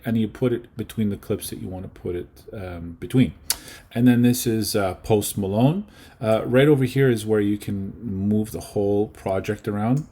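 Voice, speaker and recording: A man's voice: on the low side, warm tone, slightly rough. A man teaching a casual lesson on video editing, chatty and often checking in with his students. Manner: chatty, checks in with okay and right.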